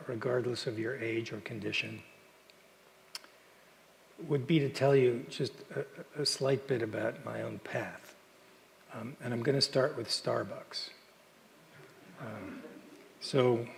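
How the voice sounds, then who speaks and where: Gravelly man preaching in a reverberant church. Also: mid-range voice, a little hiss or hum. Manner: relaxed, halting, frequent restarts. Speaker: minister. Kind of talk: storytelling sermon. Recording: long hall reverb, faint ambience.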